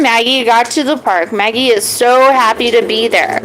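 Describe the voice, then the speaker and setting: High-voiced woman reading a children's story. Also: moderate pace, noisy background. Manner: gentle, animated, high voices for the characters.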